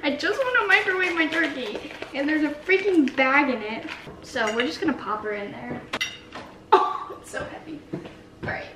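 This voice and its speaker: High-voiced young woman vlogging, rambling. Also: animated, brisk, echoey room, heavy background noise. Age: young adult. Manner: chatty, rambling, self-mocking. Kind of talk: casual cooking vlog.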